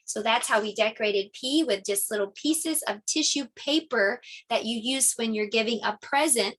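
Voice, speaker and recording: A woman's voice: mid-range voice, a bit bright. A woman casually walking through preschool lesson ideas, chatty and explaining step by step. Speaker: teacher sharing lesson ideas. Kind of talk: casual instructional vlog.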